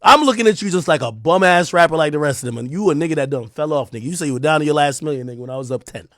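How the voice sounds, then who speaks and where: A man with a New Jersey accent hosting a livestream, delivering a heated, taunting rant that swings between loud jabs and low mutters. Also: lively intonation, very fast, no room sound, clean studio sound. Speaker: livestream host. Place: home streaming room.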